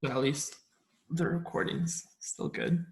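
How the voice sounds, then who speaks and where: A man's voice: fairly high pitch, steady tone, a little slow, reverberant, slight background noise. A man hosting a casual chat in an easygoing way, often answering with short agreements. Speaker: host.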